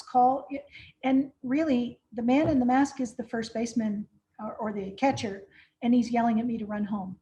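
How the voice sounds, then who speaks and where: A woman's voice: fairly high pitch, mellow. A woman trainer giving a professional training lecture, conversational, often checking in with "right?". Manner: conversational, frequent "right?" tag questions.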